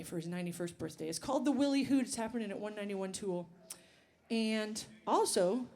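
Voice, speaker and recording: A woman's voice: mid-range voice, a little mellow. A woman singer and bandleader talking to the crowd between songs, chatty and rambling, on an outdoor festival stage.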